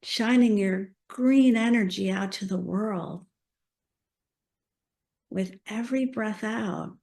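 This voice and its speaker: A woman minister leading a slow, soft guided meditation during a church service. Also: medium pitch, gravelly. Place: church service also streamed on a video call.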